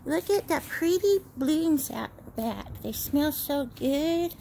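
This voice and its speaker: A woman's voice: high-pitched, expressive, slow pace, creaky, warm tone, a little hiss or hum. A woman in a casual home vlog, talking in a sing-song way as if to a child. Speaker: vlogger.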